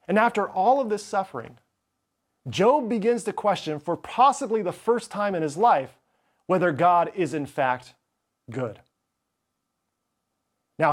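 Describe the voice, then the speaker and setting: A man preaching a sermon as pastor, reading scripture passages with dramatic delivery. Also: a little high. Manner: expressive, reads scripture dramatically.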